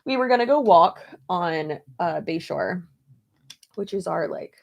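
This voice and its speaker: A woman's voice: lowish voice, animated, unhurried, creaky. A young woman chatting casually while getting ready for her day, rambling and laughing often. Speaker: beauty vlogger. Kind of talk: casual get-ready-with-me chat.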